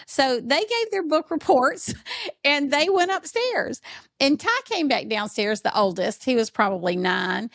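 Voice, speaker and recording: Gravelly, animated woman podcast host. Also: high-pitched, unhurried, no echo, studio quality. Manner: lively storytelling, acts out quotes. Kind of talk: podcast conversation.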